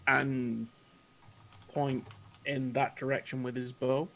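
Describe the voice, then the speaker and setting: A man takes part in a tabletop game over voice chat. He speaks slowly and haltingly. He often restarts his sentences while he describes what his character does. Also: mid-range voice. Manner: hesitant, halting. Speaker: player.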